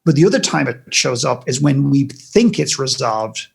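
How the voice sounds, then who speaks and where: Gravelly, husky man telling stories. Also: mid-range voice, animated, normal speed. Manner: passionate, emphatic storyteller. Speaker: guest speaker. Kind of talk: podcast interview storytelling.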